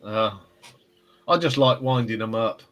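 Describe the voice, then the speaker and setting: A man's voice: medium pitch, measured pace, a bit bright, muffled recording. A man hosting a casual live stream, chatting and telling rambling stories. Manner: rambling, chatty storyteller with restarts. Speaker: livestream host.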